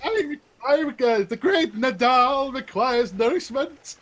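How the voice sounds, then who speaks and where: A man's voice: very high-pitched, lively intonation, takes it slowly, a bit bright, voice pushed up, exaggerated voice. A man voicing a vain, grandiose bard who speaks in a theatrical, flowery old-fashioned way.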